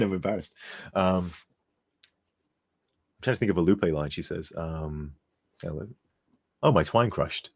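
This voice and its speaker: A man's voice: deep voice, a little slow, long pauses. A tired man streaming as a game modder, rambling and chuckling as he reads chat aloud, sometimes turned away from his desk mic. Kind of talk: casual live-stream chat.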